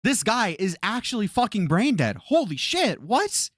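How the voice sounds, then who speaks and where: Exasperated man ranting with lively pitch. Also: a little slow, no room sound, studio quality. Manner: incredulous, exasperated, swears a lot. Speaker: streamer reacting to a video. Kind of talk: live-stream reaction commentary.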